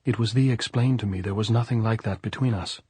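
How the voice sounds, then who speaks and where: A man doing a gentle, earnest young woman. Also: on the low side, fairly quick, slightly rough, no room sound. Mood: pleading.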